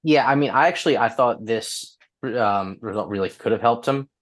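A man co-hosting a podcast, giving his take on sports in a relaxed, matter-of-fact way. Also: medium pitch, normal speed. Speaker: podcast co-host. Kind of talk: casual sports chat.

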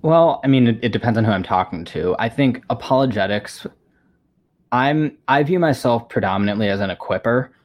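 A man's voice: mid-range voice, expressive, a little fast. A man answering interview questions over a video call from a home room with bookshelves, thoughtful and often opening with "well, I mean". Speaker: guest, Christian apologist.

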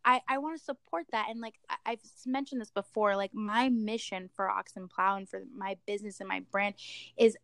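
A woman's voice: mid-range voice, fairly even intonation, a little fast, clean tone, no room sound. A woman hosting a podcast in casual chat, talking effusively and leaning on lots of fillers. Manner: gushing, filler-heavy, with lots of "like". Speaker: podcast host.

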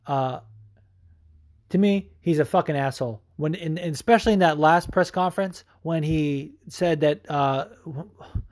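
A young adult man hosting a show, ranting with a profane, salty and animated delivery and frequent fillers. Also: fairly high pitch, moderate pace, dry recording. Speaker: show host. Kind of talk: profane opinion rant.

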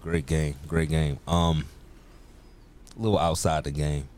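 A man co-hosting a casual sports podcast, joking and animated, rising high when worked up. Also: unhurried. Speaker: podcast co-host.

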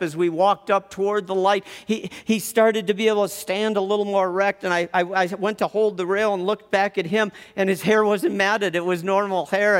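Animated high-voiced male storyteller. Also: long reverb tail. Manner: animated, with quick repeated restarts. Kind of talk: personal storytelling talk.

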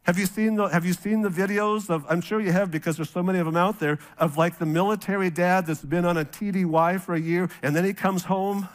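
A middle-aged male pastor from North Dakota preaching a sermon, telling a family story in a casual, animated way and acting out the voices of the people he quotes. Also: high voice, a little fast, few pauses.

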